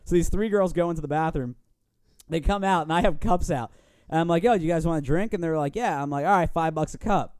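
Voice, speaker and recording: A man co-hosting a podcast, his voice a little high and clean, recorded close and dry. He tells his stories animatedly, acting out what people said and swearing freely. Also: fast talker, a little mellow, clean tone, no echo. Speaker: podcast co-host. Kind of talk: casual chat, storytelling.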